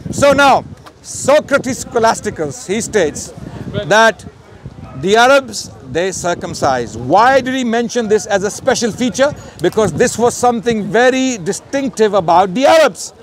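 Guy debating on the street, loud and insistent, pretty high voice, traffic around. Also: sing-song, a little slow. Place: outdoors on a city street.

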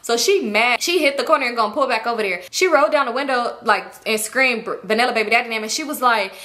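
A young woman telling a story on her channel, animated and slangy, swearing and laughing as she acts out her friends' voices. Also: fairly high pitch, quick pace. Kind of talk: casual storytime vlog.

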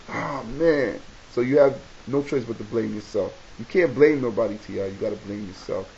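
A man with a New York accent giving a casual advice talk to camera, animated and preachy, repeating key points for emphasis. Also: mid-range voice, moderate pace, hardly any pauses. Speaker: video blogger. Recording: dull lo-fi webcam audio with faint hiss.

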